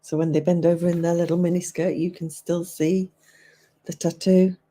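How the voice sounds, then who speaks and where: A woman's voice: lowish voice, little pitch movement, normal speed, warm tone. An English woman in her fifties hosting a livestream, chatting casually and answering viewers' comments aloud with frequent laughter. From England. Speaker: livestream host.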